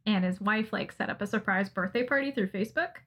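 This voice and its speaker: An American woman in casual podcast chat, animated and laughing as she mock-rants about baking. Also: medium pitch, fast talker, breathy edge. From United States. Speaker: podcast co-host, interviewee.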